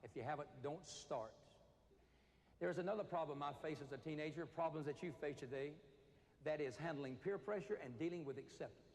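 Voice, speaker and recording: A man's voice: fairly high pitch, brisk, darkish tone. A man giving a motivational talk to teenagers, telling stories and acting out the voices of the people in them. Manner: storytelling, acts out voices of inmates. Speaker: speaker. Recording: reverberant hall with faint noise.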